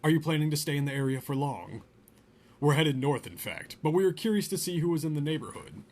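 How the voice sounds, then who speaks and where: A man reading a novel chapter aloud in a relaxed way, stopping now and then to joke about the story. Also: fairly high pitch, fairly quick. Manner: reads a novel aloud, breaks off for joking asides. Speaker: podcast host reading aloud. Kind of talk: casual read-aloud with asides.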